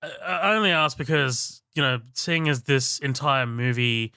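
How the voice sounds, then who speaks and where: A man's voice: mid-range voice, measured pace, gravelly, pushed and bright, clean tone, no room sound, clean studio sound. A man with an Australian accent co-hosting a podcast, hedging his movie opinions with lots of fillers. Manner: hesitant, many fillers. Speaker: podcast co-host. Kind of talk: casual movie discussion.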